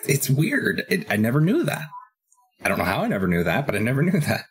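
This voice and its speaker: A man's voice: mid-range voice, huge pitch swings, quick pace, slight background noise. A young man co-hosting a casual podcast, making dry, wry asides. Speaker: podcast co-host. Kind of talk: casual chat.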